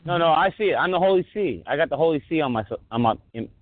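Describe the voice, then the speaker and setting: A man's voice: on the high side, expressive, very fast, no echo. A man joking and teasing others on a group voice call. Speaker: caller. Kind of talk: casual chat on a group call. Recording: tinny phone-like call audio.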